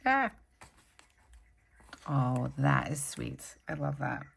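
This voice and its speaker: A low, creaky voice with a breathy edge belongs to a young planner-channel host recovering from a migraine. She chats casually through a plan-with-me video, gushing over the stickers she uses to decorate her planner.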